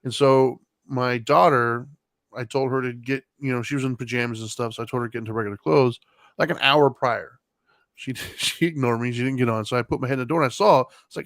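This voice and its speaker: A man's voice: mid-range voice, a little fast, no echo. A man in his thirties on a podcast, talking casually and telling a story at an easy, meandering pace. His voice sits in a middle register and is heard close and dry, with no room sound around it. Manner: relaxed, rambling with many fillers and laughs. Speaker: podcast co-host.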